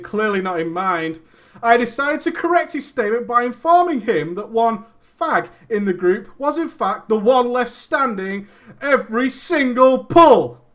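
A man's voice: high-pitched, fairly bright tone. A man streaming, reading a story aloud and breaking off into mocking asides and frequent laughter.

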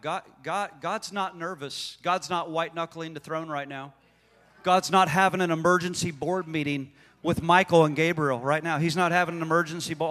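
High, bright-voiced preacher in a big hall. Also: male voice, normal speed. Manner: swings from hushed asides to shouted proclamations. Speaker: pastor. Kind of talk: sermon.

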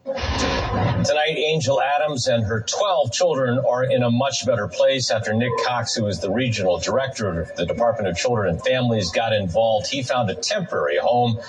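A man reporting a local television news story in a measured broadcast delivery. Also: mid-range voice, low-quality recording.

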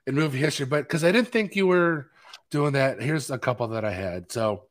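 A man's voice: medium pitch, expressive, fairly quick. Chatty man co-hosting a film podcast. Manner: rambling, chatty, with many fillers. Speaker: podcast co-host. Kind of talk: casual chat.

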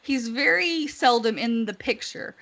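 A woman with a somewhat high voice talks casually as a podcast co-host. She is chatty and giggly, laughing often between her sentences. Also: lively intonation, measured pace, creaky, fairly bright tone. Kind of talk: casual chat.

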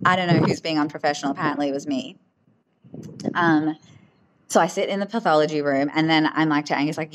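A woman hosting a podcast, telling personal stories in an emotional, animated way, full of fillers. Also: sits low, fast, slight background noise, rough recording. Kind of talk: casual storytelling.

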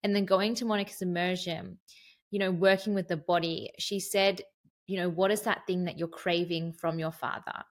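A woman's voice: lowish voice, fairly even intonation, normal speed. A young woman co-hosting a podcast, talking in a candid, chatty way and sometimes losing her train of thought. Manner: chatty, candid, tangent-prone. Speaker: podcast co-host. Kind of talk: casual chat.

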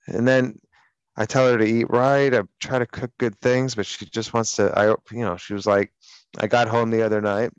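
A man's voice: fairly low pitch, little pitch movement, normal speed, smooth, no room sound, dull audio. A man co-hosting a radio show, telling stories in casual banter with a crude, profane, sardonic manner. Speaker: radio co-host.

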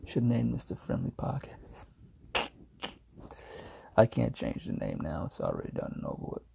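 Still half-asleep from a nap, this young man hosts his own podcast from home, yawning and joking in a loose, rambling solo chat. His dark, mid-range voice is heavily husky and full of gravelly fry, its pitch swooping wildly at a moderate pace.

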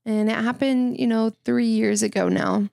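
A woman's voice: fairly high pitch, steady tone, normal speed, creaky, darkish tone, dry recording, studio quality. A young woman co-hosting a podcast in casual, playful chat, teasing and laughing often. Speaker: podcast co-host.

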